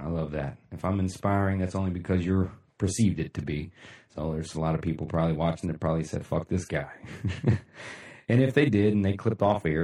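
A man hosting a casual motivational livestream, talking bluntly with lots of swearing and shout-outs to viewers. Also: deep voice, echoey room, far from the mic. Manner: blunt, profane, rambling, laughs often. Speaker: livestream host.

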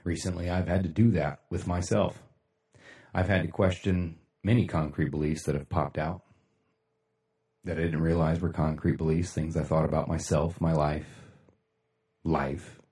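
A man hosting a casual motivational livestream, talking bluntly with lots of swearing and shout-outs to viewers. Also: rumbling low, fairly even intonation, normal speed, roomy sound, distant mic. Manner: blunt, profane, rambling, laughs often. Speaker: livestream host.

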